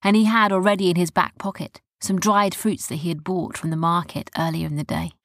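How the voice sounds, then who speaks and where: A woman narrating a children's story softly, often dropping to a whisper. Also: fairly low pitch, fairly even intonation, fairly quick, dry recording, studio quality.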